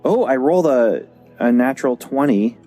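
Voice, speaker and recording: A man's voice: mid-range voice, lively intonation, normal speed, dark tone, faint music behind. A man playing as a guest in a tabletop game, asking questions in a hesitant, casual way. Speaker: guest player.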